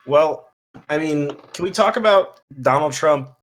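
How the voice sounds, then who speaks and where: A man's voice: fairly high pitch, animated, a little slow. A man co-hosting a podcast, casual and wry, laughing as he talks. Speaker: podcast co-host. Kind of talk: casual chat.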